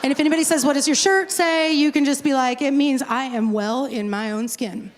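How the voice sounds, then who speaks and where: Talky joking lady pastor, voice a bit high, ringing long reverb of a big church hall. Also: brisk, a little hiss or hum. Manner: chatty, joking, rambling asides. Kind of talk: casual talk to a conference crowd.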